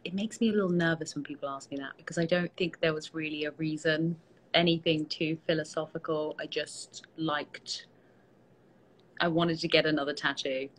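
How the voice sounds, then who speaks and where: A tired British woman, an actress, chatting casually with fans on a live stream, relaxed and self-deprecating, with many fillers, speaking into a phone held at arm's length. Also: low-pitched, moderate pace, a little hiss or hum, poor audio. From Britain. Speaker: actress hosting a fan Q&A.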